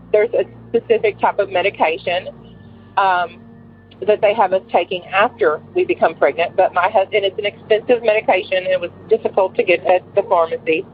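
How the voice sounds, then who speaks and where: A woman in her forties calling in to tell a personal story, rambling and emotional with many fillers. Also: medium pitch. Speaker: caller. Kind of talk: telling a personal story on a call-in show. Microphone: phone. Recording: tinny phone line with faint hiss.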